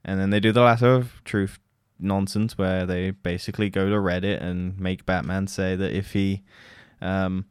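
A man's voice: low voice, level tone, normal speed, smooth, no room sound, clean studio sound. A man hosting a solo podcast, giving a rambling, profane film review and mockingly quoting characters. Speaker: podcast host.

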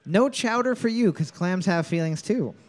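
A man's voice: sits high, expressive, moderate pace. A man hosting a live trivia night at a bar, joking and reading each question twice. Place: bar venue with live audience.

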